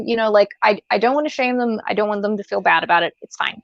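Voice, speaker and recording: A woman's voice: fairly high pitch, fast, creaky, few pauses, no echo. Rambling woman on a dull lo-fi mic. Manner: rambling, many fillers and restarts. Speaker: podcast co-host. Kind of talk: casual chat. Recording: dull lo-fi sound.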